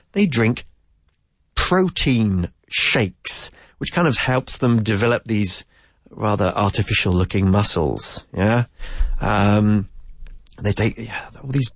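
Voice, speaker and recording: Man, teacher, lively pitch, dry close sound, chatty, drills pronunciation. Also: dry recording. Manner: chatty, repeats words slowly for pronunciation. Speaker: English teacher. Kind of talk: casual language lesson.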